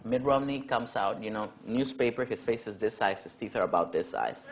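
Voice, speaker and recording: A man's voice: on the low side, normal speed, background noise. Casual-talking young man, muffled audio. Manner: casual, animated when quoting others, frequent "you know". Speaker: keynote speaker. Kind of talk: personal storytelling talk.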